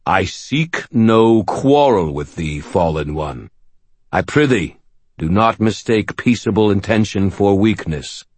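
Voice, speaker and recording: A man's voice: lowish voice, animated, no room sound, pitched above the performer's own voice. Man voicing a huge, solemn, ancient being. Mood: stern. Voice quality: resonant, archaic formal speech. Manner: slow, measured and stately. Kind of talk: audiobook character voice.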